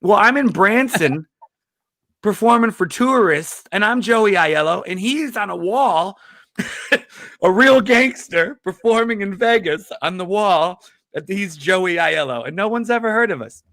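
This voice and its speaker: Lively storytelling man, comedian. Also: high-pitched, a little slow, dry recording, clean studio sound. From Chicago. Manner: animated, laughs often, acts out quoted voices. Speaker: comedian guest. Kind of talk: casual storytelling in an interview.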